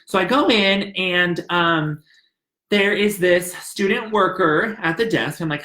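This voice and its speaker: A man telling a personal story in a chatty, animated way, acting out the conversations. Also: high-pitched, moderate pace. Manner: chatty and animated, acts out dialogue. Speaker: narrator. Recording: roomy echo.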